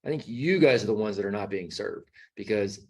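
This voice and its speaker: A man's voice: on the low side, animated, a little fast. A man hosting an interview, casual and affirming as he asks questions. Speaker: host. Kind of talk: conversational interview.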